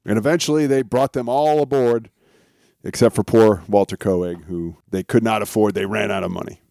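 A man co-hosting a casual podcast, relaxed as he shares trivia with small chuckles. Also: on the low side, moderate pace, creaky, no echo, studio quality. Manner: relaxed storytelling of show trivia, chuckles often. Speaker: podcast co-host.

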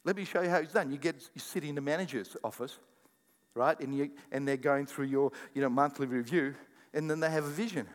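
Older aussie pastor guy preaching, high-ish voice, lively jokey delivery, big echoey church hall. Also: fairly quick. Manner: animated, jokey preaching with repeated words. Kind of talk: sermon.

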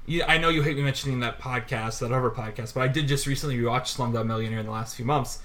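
A man's voice: mid-range voice, fast. Chatty man rambling about movies. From Chicago area. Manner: rambling, animated, laughs often. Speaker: podcast co-host. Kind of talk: casual chat.

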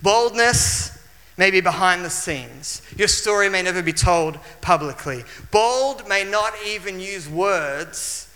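Australian male preacher, fairly high and very bright tone, animated and restarting, church hall reverb. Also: slow pace. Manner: animated storytelling with frequent restarts. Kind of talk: sermon with personal storytelling.

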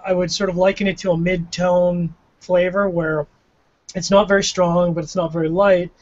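On dull, lo-fi audio, a man with a high voice and a Canadian accent delivers flat, moderately paced remarks as co-host of a cigar pairing show. His tasting talk is casual, reflective, and self-deprecating.

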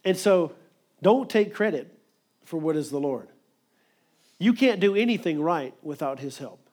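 Male preacher, slightly higher voice, emphatic, quick sermon delivery. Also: lively intonation, a little mellow.

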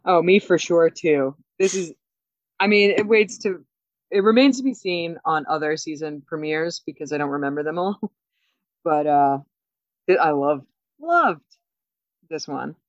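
A woman co-hosting a podcast, recapping a TV episode in casual chat, animated and laughing often. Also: sits low, moderate pace, no echo. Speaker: podcast co-host. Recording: dull, dry sound.

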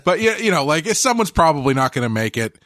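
A man co-hosting a podcast, talking casually in halting restarts with deadpan jokes. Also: a little high, dry recording, clean studio sound. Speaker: podcast co-host.

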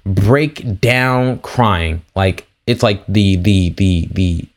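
A man's voice: low voice, very slow. A young man hosting a podcast, casually retelling a personal story with slangy asides and frequent restarts. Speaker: podcast host.

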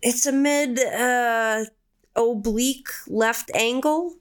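A woman reading a session transcript aloud, describing things in a halting, searching way with many fillers. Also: a little high, clean tone.

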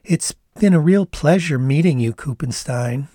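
A man's voice: a little high, unhurried, dark tone, slightly rough, dry recording, studio quality. A man voicing a laid-back young woman backpacker with a Canadian accent, in an easygoing, dreamy drawl.

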